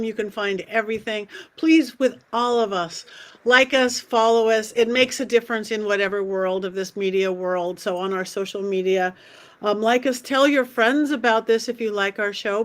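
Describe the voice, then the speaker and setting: Chatty woman host, slightly high voice. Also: fairly bright tone. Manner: chatty, rambling plugs and announcements. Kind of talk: casual livestream chat.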